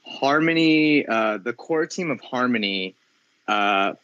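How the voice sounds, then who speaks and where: A man's voice: mid-range voice, lively intonation, takes it slowly, a bit bright, dry recording, dull audio. A man hosting a casual online audio chat, encouraging and chatty, with lots of fillers. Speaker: host of community audio space.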